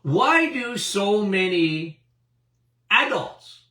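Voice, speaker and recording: Speaking in a high, very animated voice, this man in his seventies draws out his words with a bright, forceful tone. He's a doctor giving a lively health talk to an audience, emphatic, full of repetitions and chuckles, picked up by a distant mic in a roomy space.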